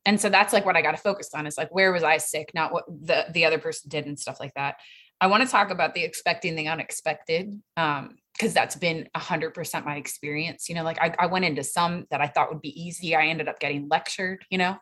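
A woman in her thirties sharing her recovery story in a chatty, animated way, full of fillers and acted-out quotes. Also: low voice, fairly quick. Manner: chatty and animated, quotes others in raised voices, frequent fillers. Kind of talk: casual personal storytelling.

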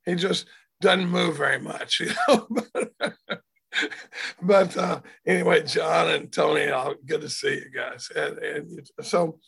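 Older man, hoarse and husky, chatty self-deprecating speaker on a home video call. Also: fairly high pitch, measured pace, a bit bright. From Dallas, Texas. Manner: rambling, self-deprecating, repeats words. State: hoarse from throat trouble. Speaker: speaker telling his recovery story. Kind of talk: casual storytelling talk. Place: home, indoors.

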